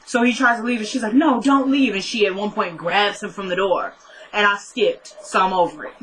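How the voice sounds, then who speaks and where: A young woman recapping a TV episode in a casual vlog, chatty and excitable, rambling with lots of "like"s. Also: mid-range voice, fairly quick, a crowd in the background. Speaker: TV show reviewer.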